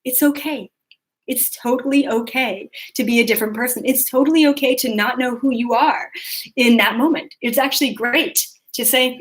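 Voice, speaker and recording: A woman's voice: on the high side, normal speed. A young adult woman hosting a spiritual live video, talking casually with lots of fillers and acting out her own thoughts in quotes. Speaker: spiritual podcast host.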